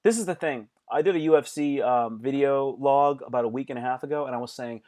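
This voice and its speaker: A man hosting a casual live stream as a comedian, talking to viewers by name in an animated, repetitive way, swearing freely. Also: medium pitch, quick pace, few pauses.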